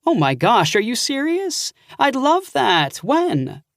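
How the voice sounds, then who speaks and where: A man's voice: sits high, unhurried, creaky, dry recording, studio quality, pitched above the performer's own voice, heavily acted. A man voicing an affectionate middle-aged aunt thrilled to hear from her nephew. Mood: doting. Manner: excited and doting.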